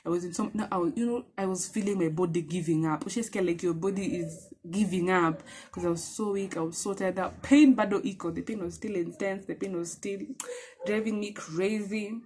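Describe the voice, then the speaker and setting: A young woman with a Kenyan accent telling a personal story in a vlog, animated and emphatic, mixing in Swahili phrases. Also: on the low side, a little fast. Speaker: vlogger.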